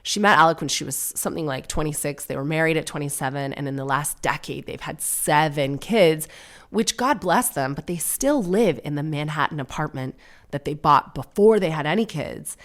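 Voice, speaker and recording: Low-voiced and speaking at normal speed, this podcast host, a woman in her thirties, carries a casual solo comedy chat with sardonic humor and mocking put-on voices.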